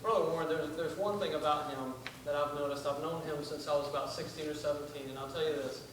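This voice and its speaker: A man's voice: on the high side, steady tone, fast. A young man, preaching as a visiting missionary in a folksy, self-deprecating way, with many fillers and restarts. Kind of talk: sermon with casual asides. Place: church sanctuary. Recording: echoey church from far off, noisy.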